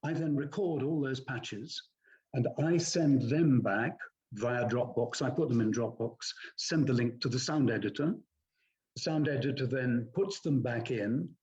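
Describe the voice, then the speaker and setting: A man's voice: medium pitch, a little mellow. Older guy explaining audiobook narration, polite and careful, kinda muffled sound. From England. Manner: measured, courteous, articulate. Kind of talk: interview answers, explaining narration technique.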